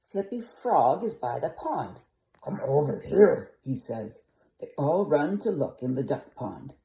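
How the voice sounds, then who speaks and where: A woman's voice: deep voice, very animated, unhurried, warm tone. An older woman reading a picture book aloud to children, coaxing and asking the listener questions. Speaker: storyteller.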